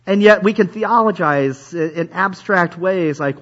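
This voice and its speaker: A man's voice: high-pitched, measured pace, fairly bright tone. A man preaching a sermon in a conversational way, often repeating himself and restarting sentences. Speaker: pastor. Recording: dull lo-fi recording.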